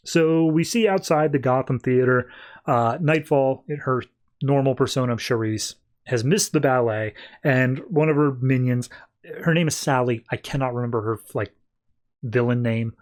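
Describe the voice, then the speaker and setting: A man's voice: medium pitch, moderate pace. Chatty man recapping comics casually. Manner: loose, chatty, many "like" fillers. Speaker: podcast host.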